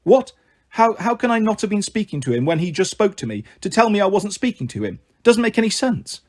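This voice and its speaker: A man's voice: big pitch swings, fairly quick. A man reading aloud, voicing a desperate boy who has become a sheep, in a raised, pleading storybook voice. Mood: indignant. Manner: pleading, rising panic, raised pitch.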